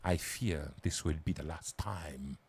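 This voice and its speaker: A man voicing a gloating movie supervillain with a generic European accent, slow and sinister. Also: very deep voice, darkish tone, breathy edge, pitched below the performer's own voice, heavily acted. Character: menacing male film supervillain, gloating.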